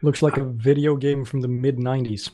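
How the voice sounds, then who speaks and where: A man's voice: medium pitch, fairly even intonation, a little fast, dark tone, a little hiss or hum. A man co-hosting a casual podcast over an online call. He gives blunt, grumbling remarks. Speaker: podcast co-host. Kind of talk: casual group commentary.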